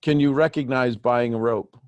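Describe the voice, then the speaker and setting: A man leads a group coaching session over a video call. His voice jumps up high when he gets animated and teases the group. The sound is dry and close, with no room around it. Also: normal speed, no echo. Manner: animated, teasing, questioning step by step. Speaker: host coaching callers.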